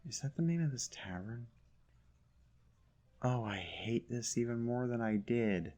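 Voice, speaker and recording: A man's voice: medium pitch, lively intonation, unhurried, a little mellow. A man giving sarcastic, grumbling commentary while playing a video game. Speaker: gaming YouTuber. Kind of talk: casual let's play commentary.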